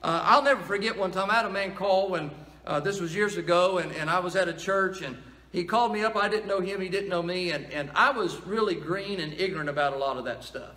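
A man's voice: high-pitched, fairly quick, pushed and bright, reverberant, long reverb tail. A male pastor preaching a sermon in a plain-spoken, folksy storytelling manner.

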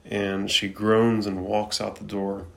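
A man's voice: lowish voice, completely flat delivery, slow, creaky, fairly bright tone. A man recapping an anime episode in a laid-back, casual way, swearing freely and using loose filler words. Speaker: anime reviewer.

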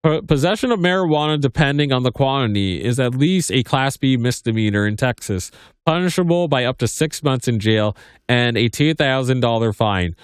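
A man's voice: mid-range voice, expressive, moderate pace, clear, resonant tone, dry recording. A man in his thirties hosting a podcast, reading news aloud and breaking off into casual commentary full of restarts and "like". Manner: rambling, stammering restarts, heavy use of "like". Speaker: podcast host.

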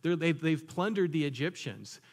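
A man's voice: fairly high pitch, lively intonation, normal speed, long reverb tail. A man preaching a sermon in a conversational, joking way, asking his listeners questions. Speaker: pastor.

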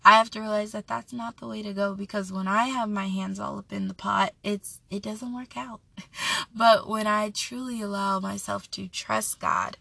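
A woman's voice: mid-range voice, steady tone, moderate pace, gravelly, sharp tone, no echo. A young woman hosting a devotional podcast, reading Bible verses and sharing an earnest, chatty personal testimony. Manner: earnest, chatty, self-correcting.

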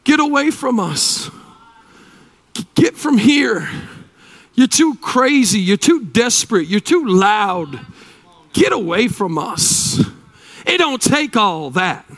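A man's voice: high voice, sing-song, slow pace, long pauses, a bit bright, heavily acted. Scornful disciples, brushing-off manner, a man acting them. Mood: scolding. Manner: scolding, brushing off. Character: dismissive disciples shooing a woman off.

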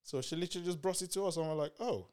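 A man from the UK, co-hosting a podcast, retelling a trip in slangy, animated casual chat. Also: fairly high pitch, rapid-fire, clean tone. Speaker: podcast co-host.

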